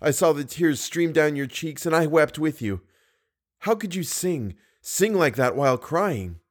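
A man's voice: fairly high pitch, expressive, unhurried. A man reading the part of a tender, lovestruck young nobleman in a heartfelt audiobook reading.

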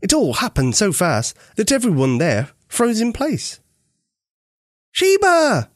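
A man's voice: high-pitched, big pitch swings, unhurried, no room sound, clean studio sound. A man narrating a children's story in a storyteller's cadence.

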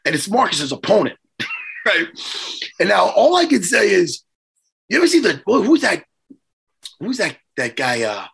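A middle-aged man, hoarse from losing his voice, telling a story in casual, profane chat and acting out quotes. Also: high-pitched, unhurried, pauses often. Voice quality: hoarse, worn voice. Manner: animated, profane, acts out quotes. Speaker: podcast host.

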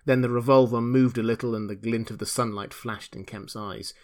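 A man narrating a classic novel as an audiobook, in a measured, dramatic storytelling manner. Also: mid-range voice, fairly even intonation, darkish tone.

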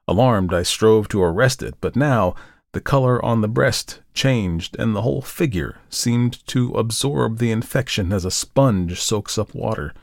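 A man narrating a horror story in a measured, deliberate way, slowing down for the grim parts. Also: on the low side, no echo, studio quality. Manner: measured, deliberate, slows for dread. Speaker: podcast host and reader.

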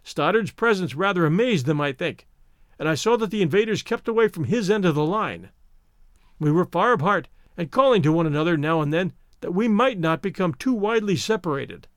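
A man narrating a novel in a steady, expressive reading. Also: high-pitched, a little fast, dry recording, clean studio sound. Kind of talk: audiobook narration.

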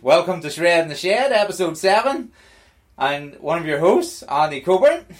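A Northern Irish man hosts a podcast, joking, laughing and rambling through a casual chat. His voice is on the high side and very animated, moving at a normal speed.

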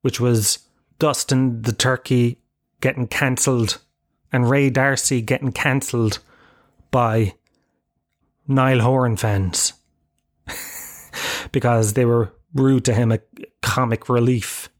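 A man's voice: medium pitch, fairly even intonation, slow, pauses often. An Irish man in his thirties hosting a podcast alone, rambling and swearing in a self-mocking way. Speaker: podcast host. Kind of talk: casual solo monologue. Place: home room with bookshelves.

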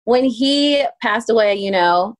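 A woman in her thirties, a pastry chef guest telling stories in a casual interview, acting out quoted voices with sudden pitch jumps. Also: takes it slowly. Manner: animated, acts out quotes with lively pitch jumps. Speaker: guest, pastry chef turned ice cream maker.

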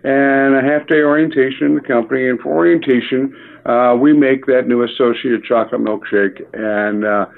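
A middle-aged man tells a workplace story in a medium-pitched voice, full of filler words. He slips into the dialogue as he goes. The sound is narrow and phone-like, as if carried over the radio. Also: steady tone, moderate pace, gravelly. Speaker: restaurant company leader. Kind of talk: anecdotal storytelling.

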